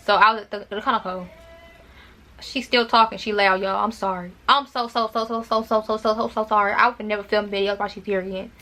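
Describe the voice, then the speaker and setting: A woman's voice: mid-range voice, fairly even intonation, brisk, sharp tone. A young woman from Arkansas, telling a dramatic storytime to her viewers in casual chat, with repeated words and asides. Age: young adult. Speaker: vlogger.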